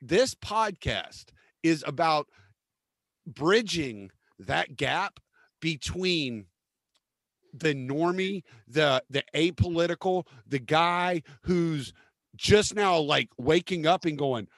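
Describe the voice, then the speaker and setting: A man's voice: a little high, animated, slow, fairly bright tone, dry recording. A man hosting a casual podcast, ranting with constant profanity and a combative edge. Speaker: podcast host.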